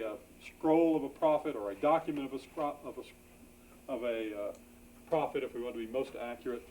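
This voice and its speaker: A man's voice: mid-range voice, dark tone, low-quality recording. A man teaching a grammar class, explaining patiently with many fillers and restarts. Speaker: biblical Hebrew instructor. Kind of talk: classroom lecture. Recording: faint background noise.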